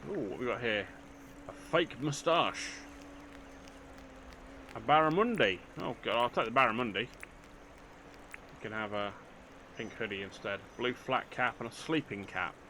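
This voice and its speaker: A man's voice: mid-range voice, animated, a little slow, long pauses, pushed and bright, a little hiss or hum. An older man, chatting casually through a let's play, joking at his own expense. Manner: chatty, self-mocking, dry humour, talks to game characters. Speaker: gaming channel host.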